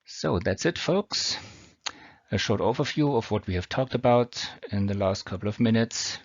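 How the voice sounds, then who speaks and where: Low-voiced German-accented man teaching grammar. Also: expressive, dry recording. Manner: slow, deliberate, reads example sentences carefully. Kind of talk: explaining English grammar with examples. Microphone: built-in or cheap mic. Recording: dull, dry home recording.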